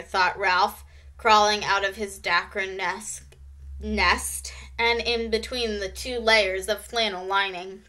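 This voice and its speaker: A woman teacher reading a children's chapter book aloud, slow and expressive. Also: medium pitch. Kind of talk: read-aloud narration.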